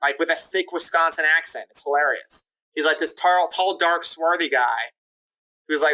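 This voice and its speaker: A man talks as a guest on a podcast, and his voice has a bright, forceful edge. He explains his points in a loose, chatty way and fills his sentences with "like" and "you know." He often poses quick questions and then answers them himself. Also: on the high side, rough recording. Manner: talkative, leans on "like" and "you know" fillers; lays out points step by step with rhetorical questions. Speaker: podcast guest discussing immigration. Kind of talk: casual explanatory interview talk.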